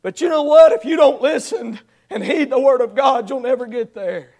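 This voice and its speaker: A man preaching an evangelistic sermon, swinging between shouted, high-pitched exhortation and soft pleading. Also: moderate pace.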